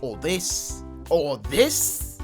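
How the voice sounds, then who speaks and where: A man doing a brash sleazy fast-food boss. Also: sing-song, faint music behind, heavily acted. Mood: salesy. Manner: brash salesy pitchman, shouting his slogans. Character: sleazy pushy male fast-food businessman. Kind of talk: parody commercial.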